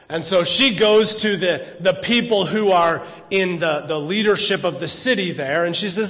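Male preacher, high voice, chatty storyteller, church reverb. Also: measured pace, fairly bright tone. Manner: conversational storytelling, frequent restarts. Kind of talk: casual sermon. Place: church sanctuary.

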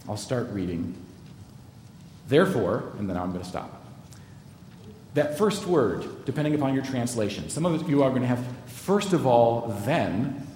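Man preaching in an echoey hall. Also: a little mellow. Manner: expository Bible teaching, addresses congregation directly. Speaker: pastor. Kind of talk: sermon. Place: church sanctuary. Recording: echoey hall with long reverb, faint rumble.

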